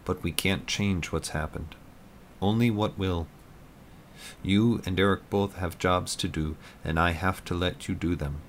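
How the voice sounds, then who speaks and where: A man voicing the calm, loving spirit of a dead soldier, speaking gently. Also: low-pitched, unhurried, a little hiss or hum. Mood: gentle.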